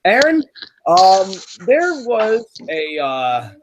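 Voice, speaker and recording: A young man hosting a casual podcast, rambling and filling pauses as he reads questions and tells stories. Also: sits high, huge pitch swings, very noisy. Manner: rambling, many fillers and restarts. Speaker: podcast host.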